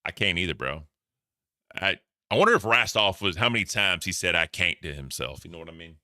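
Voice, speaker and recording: A man's voice: low voice, animated, brisk, sharp tone, dry recording, studio quality. A man reacting to clips for his stream chat in casual, profane commentary. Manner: profane, laughing, talks to chat.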